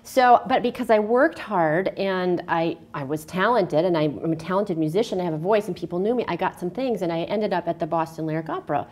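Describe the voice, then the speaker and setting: The voice is fairly low, brisk, with few pauses. It belongs to a former opera singer telling stories in a casual interview at a local cable TV studio. She's lively, acting out the voices in her tales and singing snippets along the way.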